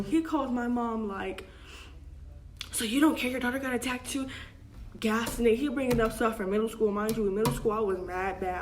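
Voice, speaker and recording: A woman's voice: fairly high pitch, a little mellow, a little hiss or hum. A young adult woman telling a casual storytime, chatty and full of slang, acting out what her family said. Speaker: vlogger.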